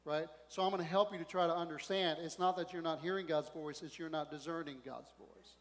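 A male pastor preaching a sermon in a conversational, animated way, often asking the congregation questions. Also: a little high, brisk. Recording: long hall reverb.

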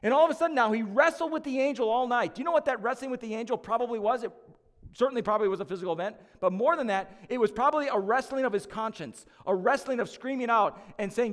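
Male lead pastor, very high pitch, conversational and emphatic preaching with joking asides. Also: fast, in a large hall. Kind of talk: sermon.

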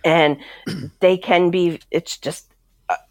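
A woman's voice: fairly low pitch, steady tone, slow pace, a little mellow. A woman hosting a casual talk show, chatting and laughing often. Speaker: show host. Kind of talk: casual chat.

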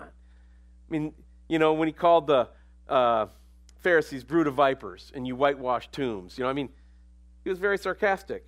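Conversational preacher man, slightly high voice. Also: animated, moderate pace, pauses often. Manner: conversational, swings between quiet asides and emphatic raised lines. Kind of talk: sermon.

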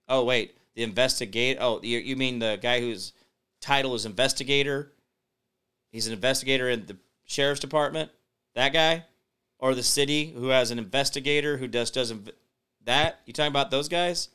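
Male show host, bright clear voice, rambling chat-reading delivery that builds to emphatic points. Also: medium pitch, moderate pace, pauses often. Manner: rambling, reads out viewer comments and replies; emphatic, builds up loudly when explaining. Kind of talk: casual live-stream commentary.

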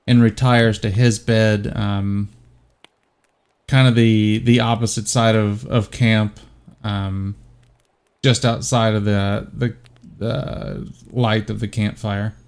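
A man's voice: on the low side, little pitch movement, slow pace, vocal fry, darkish tone, clean tone. A man narrating as game master of an online tabletop game, rambling and hesitant.

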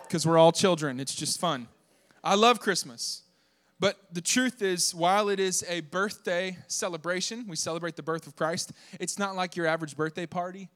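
A young man from the southern United States preaching a lively sermon, joking with the congregation and shouting for emphasis. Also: high-pitched. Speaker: pastor.

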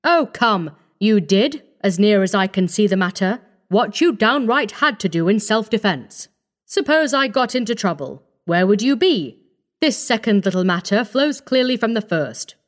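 A woman voicing a cold, scheming young male doctor in a storybook reading, speaking calmly and firmly. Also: mid-range voice, normal speed, natural voice. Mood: coaxing. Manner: calm, coaxing, firm.

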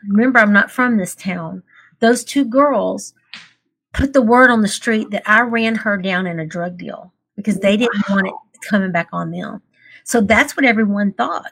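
A woman's voice: mid-range voice, gravelly. A woman, a guest telling her story in an interview, earnest and emotional, laughing through tears.

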